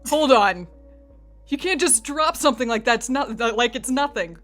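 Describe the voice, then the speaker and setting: A woman chatting casually and playfully while playing a game on stream, trading quick banter. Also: fairly high pitch, animated, a bit bright, faint music behind. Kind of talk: casual let's-play chat.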